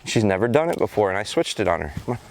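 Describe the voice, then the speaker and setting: A man explaining dog training drills out in a rural field, switching between calm explanation and short commands and praise. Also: lowish voice, very fast, background noise. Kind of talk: outdoor training vlog, explaining while working the dog.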